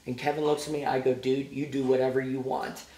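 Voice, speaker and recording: A man with a Midwestern American accent, a podcast guest telling a backstage story in a casual, animated way and acting out the quotes. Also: medium pitch, brisk, roomy sound. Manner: animated anecdote teller who acts out quotes. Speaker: guest, former music venue promoter.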